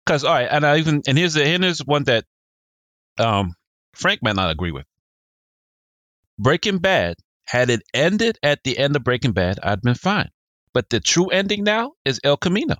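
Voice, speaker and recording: A man with a very lively, swooping pitch throws out blunt opinions with emphasis. He teases his friends playfully, and his delivery rises and falls sharply. The recording is close and dry. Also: moderate pace, no room sound. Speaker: podcast co-host. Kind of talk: casual chat.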